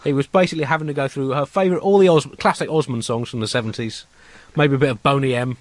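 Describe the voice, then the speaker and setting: A man's voice: mid-range voice, fast, dry recording. A man co-hosting a satirical comedy podcast, riffing absurdly and rambling through restarts. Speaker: co-host.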